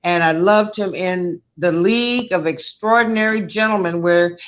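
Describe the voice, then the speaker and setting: A woman co-hosting a casual chat, telling stories in an animated way and laughing often. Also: lowish voice, normal speed, dull audio, crowd noise. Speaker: co-host.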